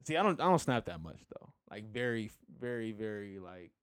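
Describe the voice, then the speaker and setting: A man's voice: fairly low pitch, sing-song, normal speed, smooth, no echo, clean studio sound. A young man co-hosting a podcast, chatting in a laid-back, rambling way and laughing easily. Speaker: podcast co-host. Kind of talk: casual chat.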